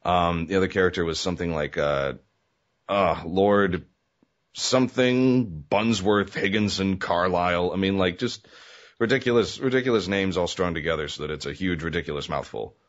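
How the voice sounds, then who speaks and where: A man's voice: low-pitched, normal speed, dull audio. A man guest in a casual interview chat, rambling with many fillers and laughing easily. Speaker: guest, web comedy creator.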